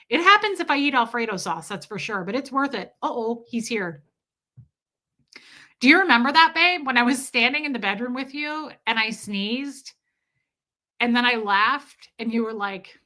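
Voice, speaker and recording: A woman in her forties with a raised pitch and a very bright, forceful voice. She chats crudely and candidly with her viewers on a live stream, reacting to comments as she goes. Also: expressive, moderate pace. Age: 40s. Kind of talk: casual live stream chat.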